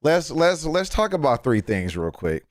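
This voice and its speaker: A man streaming a casual reaction, excitable and swearing freely, his voice leaping up when he gets worked up. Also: a little slow, no echo, clean studio sound. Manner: excitable, swears often, jumps high in pitch when worked up. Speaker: streamer reacting to music news. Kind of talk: casual live-stream chat.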